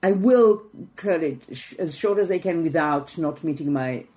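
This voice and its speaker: A woman's voice: low voice, lively intonation, normal speed, mellow. A middle-aged woman comedian from Israel, chatting frankly and wryly on a podcast, swearing freely. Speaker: comedian guest. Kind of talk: casual chat.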